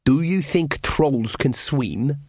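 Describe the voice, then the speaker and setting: A man voicing a small male dwarf rogue in an audiobook, halting and hesitant. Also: fairly high pitch, darkish tone, slightly rough, no room sound, clean studio sound, full character voice. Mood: wary.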